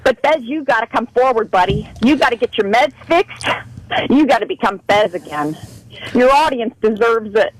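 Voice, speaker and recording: A woman's voice: on the high side, animated, moderate pace, no room sound, rough recording. A woman calling into a radio show, passionate and pleading as she scolds the host. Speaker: radio caller. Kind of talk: heated radio call-in.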